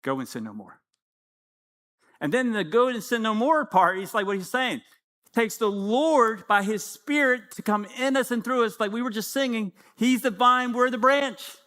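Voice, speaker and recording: A man's voice: very high voice, moderate pace, sharp tone. A man in his fifties preaching a sermon, acting out little dialogues with the Lord as he goes. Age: 50s. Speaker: pastor.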